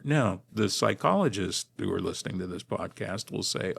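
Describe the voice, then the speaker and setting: Gravelly low-voiced man telling a story. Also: animated, a bit bright. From Los Angeles, USA. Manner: measured, articulate academic delivery. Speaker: guest linguistics professor. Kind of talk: podcast interview storytelling.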